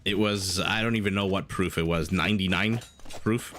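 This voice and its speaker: Low-voiced male game caster, chatty and quick to laugh, faint hiss behind. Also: fairly bright tone. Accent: non-standard English accent (hear 'dollar' rounded). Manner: chatty, laughs often, reads chat aloud. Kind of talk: live game commentary with chat banter.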